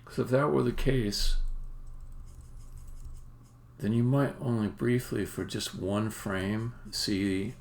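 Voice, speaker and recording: Brief: unhurried man with a gravelly edge, muttering through code as he streams, faint typing behind. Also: lowish voice, fairly even intonation, darkish tone. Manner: muttering to himself, trailing off mid-thought. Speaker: game developer streaming live coding. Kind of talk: thinking aloud while coding.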